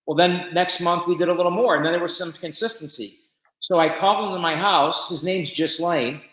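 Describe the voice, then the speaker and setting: Higher-voiced man telling stories in an echoey room. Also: fairly quick. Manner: animated storyteller who quotes conversations. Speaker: business founder, guest. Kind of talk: casual storytelling interview.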